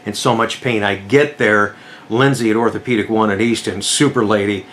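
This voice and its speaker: A middle-aged man hosting his vlog and casually retelling a personal story in an animated, dramatic way. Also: on the low side, normal speed, a little hiss or hum. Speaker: vlog host.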